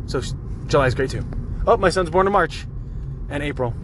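Lively man calling in from a noisy car. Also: fairly high pitch, fairly quick. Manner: jokey, upbeat. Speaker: caller. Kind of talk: casual voice message.

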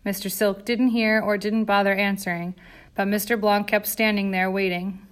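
A woman narrating an audiobook in a steady, dramatic storytelling voice. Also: mid-range voice, normal speed.

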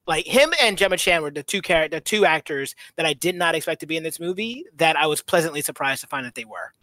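A podcast co-host in a casual movie chat, talking in an animated way with frequent laughs and quick asides. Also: medium pitch, no echo.

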